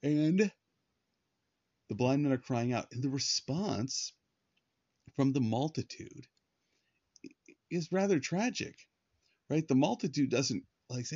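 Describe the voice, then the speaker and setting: A man's voice: mid-range voice, animated, slow, pauses often, darkish tone, breathy edge, no room sound. A man hosting a podcast, teaching through a Bible passage in a conversational way, with frequent fillers and restarts. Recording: dull lo-fi dry recording.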